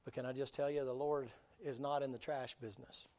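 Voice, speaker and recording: A man preaching a storytelling sermon, folksy and animated, acting out voices and breaking into sudden loud bursts. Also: medium pitch, brisk.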